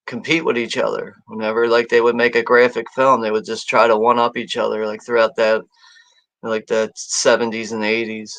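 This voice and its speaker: A man co-hosting a watch-party stream, chatting in a relaxed, chuckling, filler-heavy way. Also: medium pitch, moderate pace, dry recording, rough recording. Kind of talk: casual livestream chat.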